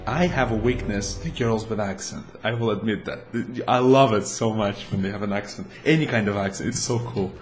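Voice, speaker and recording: A man's voice: fairly low pitch, a little fast, few pauses, faint music behind. A man whose first language is not English, hosting a let's play with rambling, self-mocking, jokey gameplay commentary.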